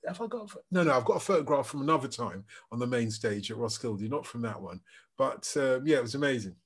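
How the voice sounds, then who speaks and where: A man, a podcast co-host chatting casually and telling lively anecdotes. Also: mid-range voice, fast. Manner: animated anecdotal storyteller, restarts sentences. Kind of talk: casual chat.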